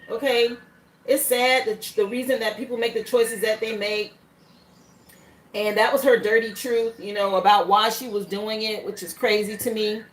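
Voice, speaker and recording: A woman giving a live tarot reading in a chatty, rambling way, laughing between points. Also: mid-range voice. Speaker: tarot reader. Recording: echoey room, faint background noise.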